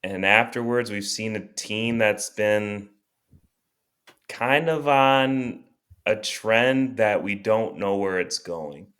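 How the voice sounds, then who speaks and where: A man's voice: on the low side, slow, fairly bright tone, smooth. A man co-hosting a casual sports podcast, giving a rallying pep talk to fans. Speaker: podcast co-host.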